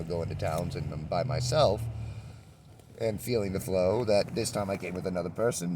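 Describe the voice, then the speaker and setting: A man's voice: low voice, noisy background. A man rambling in a laid-back spiritual monologue while traveling, swearing now and then. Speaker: traveling vlogger. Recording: outdoor street recording from a distance.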